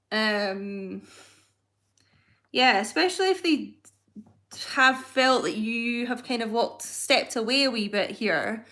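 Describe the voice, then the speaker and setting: A woman's voice: a little high, a bit bright. A woman hosting a casual live-stream tarot reading, rambling and searching for her words as she goes. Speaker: tarot reader.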